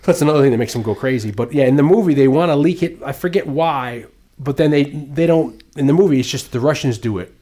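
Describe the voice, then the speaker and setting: A man in casual conversation about a movie, talking in long rambling runs. He gets animated and swears freely, dropping into quick voices for the characters he describes. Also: mid-range voice. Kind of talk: casual film discussion.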